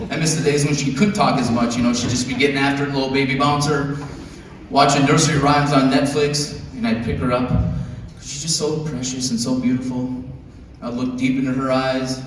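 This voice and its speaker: A man in his thirties performing a stand-up comedy set, telling stories in a deadpan way and jumping into high, squeaky voices to act out quotes. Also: background noise. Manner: deadpan storytelling with sudden high-pitched acted-out quotes. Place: large theater stage. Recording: echoey theater from far off with audience laughter.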